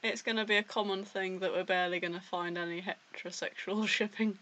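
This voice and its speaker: A woman co-hosting a podcast, chatting with wry, deadpan remarks. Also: fairly low pitch, fast, poor audio. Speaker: podcast co-host. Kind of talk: casual chat.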